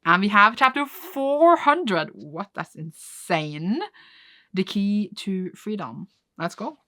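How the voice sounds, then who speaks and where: A woman's voice: mid-range voice, expressive, slow pace, pushed and bright, no echo. A young woman chatting casually as she recaps a comic she is reading, laughing often and filling with "like". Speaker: reading vlogger.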